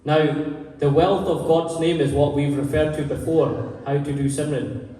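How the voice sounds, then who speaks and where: A man's voice: a little high, fairly even intonation, normal speed, mellow. A man giving a sermon as a Sikh preacher, telling stories earnestly and recounting conversations. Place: gurdwara hall. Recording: echoey hall, voice from far off.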